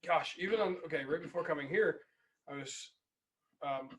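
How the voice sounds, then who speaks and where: Lively guy co-host, high voice, storyteller, sits back from the mic. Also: normal speed, recorded from a distance. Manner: animated storyteller who acts out both sides of the dialogue. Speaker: podcast co-host. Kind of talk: casual chat.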